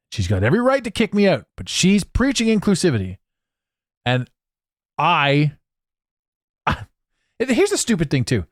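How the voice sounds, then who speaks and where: A man's voice: medium pitch, no echo, clean studio sound. A man hosting a solo podcast, rambling through tangents with frequent swearing, sarcasm and laughter. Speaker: podcast host.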